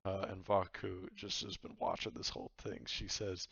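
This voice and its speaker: Gravelly, casual game master man. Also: low-pitched, level tone, unhurried, hardly any pauses, fairly bright tone, no room sound. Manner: casual, laughing, swearing often. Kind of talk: narrating a tabletop game. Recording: dull lo-fi recording.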